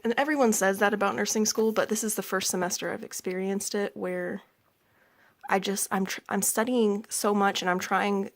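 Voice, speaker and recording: Speaking at a normal pace in a steady, mid-range tone, a young woman vlogs casually about her pets from beside a cage at home. She's in her twenties, a little breathless, and her chatter rambles with frequent fillers.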